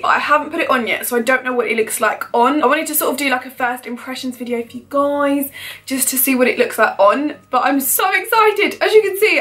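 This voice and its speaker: A woman beauty vlogger chatting to camera in a gushing, excitable, rambling way. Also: high voice. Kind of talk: casual chat to camera.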